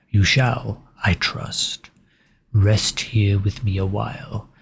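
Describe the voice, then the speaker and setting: A man's voice: lowish voice, gravelly, husky, voice pushed up, exaggerated voice. A man whispering as a courtly vampire count. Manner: soft, measured, formal old-fashioned speech. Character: courteous old aristocratic male vampire count, quietly menacing. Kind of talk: whispered role-play.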